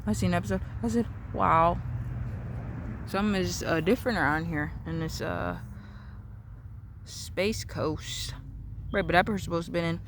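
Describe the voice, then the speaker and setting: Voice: mid-range voice, normal speed, vocal fry, a little hiss or hum. A vlogger talking in a casual, rambling, repetitive monologue outdoors in a backyard. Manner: rambling, repetitive, free-associating.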